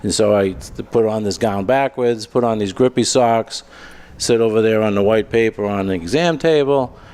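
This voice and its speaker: A middle-aged man hosting a comedy show, telling stand-up stories with a dry, deadpan delivery. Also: lowish voice, normal speed, smooth. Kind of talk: stand-up storytelling.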